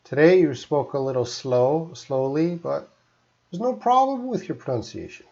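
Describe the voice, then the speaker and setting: A man's voice: on the high side, expressive, normal speed, creaky, a little mellow. A middle-aged Canadian man with a Canadian accent, giving a live-streamed English lesson and chatting through viewers' questions. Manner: chatty and explanatory, often answering viewers' questions. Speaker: English teacher. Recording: slightly dull lo-fi live stream audio.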